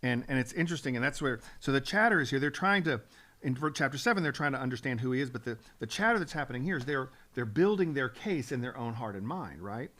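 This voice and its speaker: Guy preacher on a morning talk show, earnest, keeps restarting, gets worked up, average pitch. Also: expressive, fast talker, a bit bright. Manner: earnest, builds up steam, frequent restarts. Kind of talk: Bible teaching on a talk show.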